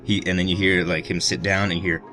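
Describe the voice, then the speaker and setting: A man with a low, deep voice reads a visual novel aloud for a let's play. He keeps breaking the narration with crude, joking asides. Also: little pitch movement, fast, over music. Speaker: let's player.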